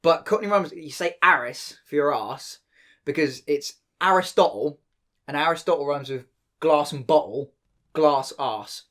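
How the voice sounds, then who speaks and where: A man's voice: a little high, unhurried, a bit bright. A man co-hosting a casual podcast, rambling with many fillers and swearing often. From England. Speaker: podcast co-host. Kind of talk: casual banter with friends.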